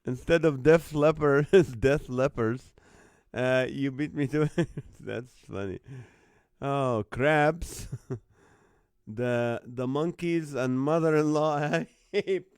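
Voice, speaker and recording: A man with a clear, resonant, medium-pitched voice takes his time reading viewers' joke band names on a live call-in comedy stream he runs from his phone at home, laughing throughout the casual chat. It's studio quality with no room sound.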